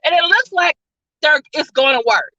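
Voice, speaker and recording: Woman, movie reviewer, casual rambling recap, high pitched, dry slightly dull lo-fi recording. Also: lively intonation, normal speed, bright, forceful tone, no echo. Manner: rambling, full of "like" and "all of a sudden". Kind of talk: casual spoiler-filled plot recap.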